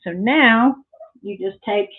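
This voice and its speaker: A woman chatting casually through a crafting tutorial, rambling into side stories and filling pauses with lots of ums. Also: mid-range voice, noisy background. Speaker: craft vlogger. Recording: thin phone-like sound.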